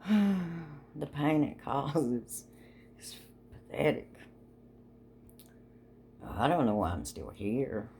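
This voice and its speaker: A woman's voice: extremely low pitch, sing-song, slow pace, creaky, pauses often, dark tone, slight background noise. An older woman telling a rambling personal story in a chatty, folksy way, laughing often. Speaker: vlogger.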